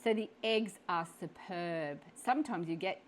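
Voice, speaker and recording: A woman's voice: on the low side, a little slow, a little hiss or hum, lightly acted. A woman reading as a chatty young waitress. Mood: cheerful. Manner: over-communicative, cheerful.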